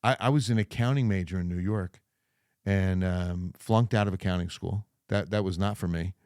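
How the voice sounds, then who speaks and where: A middle-aged man from New Jersey, a TV meteorologist, tells his stories in a casual podcast chat. His voice sits fairly low, and the recording is dry and close. He acts out the people he quotes, and his accent is neutral. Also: normal speed, darkish tone, smooth, no room sound. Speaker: TV meteorologist guest.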